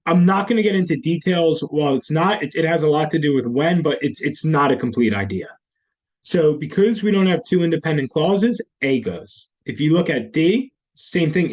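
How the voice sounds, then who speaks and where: A man who teaches test prep walks through grammar questions in a screen-recorded lesson, repeating the key terms. He has a mid-range, darkish voice, and the recording's highs are cut off.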